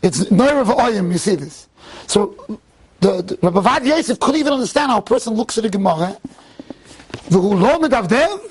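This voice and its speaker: Husky high-voiced rabbi giving a tribute talk. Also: male voice, fast talker. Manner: animated, restarts often, mixes Hebrew and Yiddish phrases. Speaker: rabbi speaker. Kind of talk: tribute speech with storytelling. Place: event hall.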